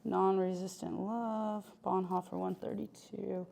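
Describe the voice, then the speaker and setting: A woman preaching a conversational sermon, chatty and animated, with lots of fillers and asides to the congregation. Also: medium pitch, measured pace, gravelly, a little hiss or hum.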